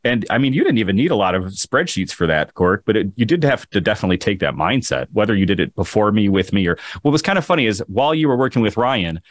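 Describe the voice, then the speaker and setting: An enthusiastic man hosts a casual podcast, rambling through stories at a quick clip. His low voice swings widely in pitch. The sound is dry and close. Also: big pitch swings, no room sound. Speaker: podcast host.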